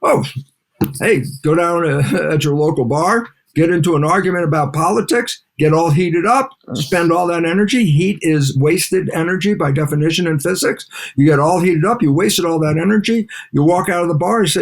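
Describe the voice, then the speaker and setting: Older male lecturer, animated, plays out dialogues mid-answer. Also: on the high side, normal speed, gravelly. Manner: animated, acts out back-and-forth dialogues. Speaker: guest scientist and lecturer. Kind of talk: interview conversation.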